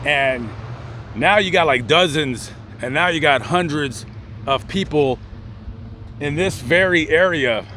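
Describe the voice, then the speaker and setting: A man's voice: a little high, slow, bright, forceful tone, a little hiss or hum. A man hosting his own channel, telling a true story on location outdoors. He talks in a casual, conversational way, with restarts and asides to the listener. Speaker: host.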